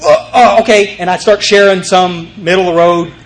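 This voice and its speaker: An older man with a fairly high voice tells his recovery story to a meeting. He talks in lively bursts, acts out the voices in his tale, and often restarts his sentences. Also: a little fast.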